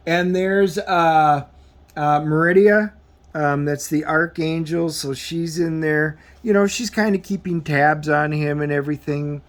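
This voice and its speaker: A man giving a casual comic book review as he flips through the pages, rambling and halting with plenty of filler words. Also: a little high, steady tone. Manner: rambling, halting, full of um and you know.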